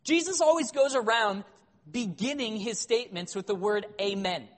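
A man preaching a sermon in an animated, conversational way with wry humor. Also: high-pitched, normal speed. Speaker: pastor. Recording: long hall reverb.

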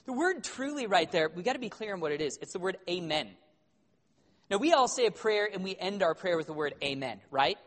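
A man preaching a sermon in an animated, conversational way with wry humor. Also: high voice, brisk. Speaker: pastor. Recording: long hall reverb.

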